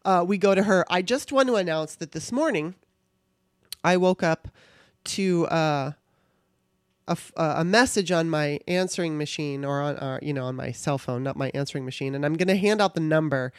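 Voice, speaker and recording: A woman's voice: deep voice, normal speed, smooth, dry recording, clean studio sound. A woman hosting her own podcast, talking casually in a chatty, irreverent way and swearing now and then. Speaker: podcast host. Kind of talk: casual monologue.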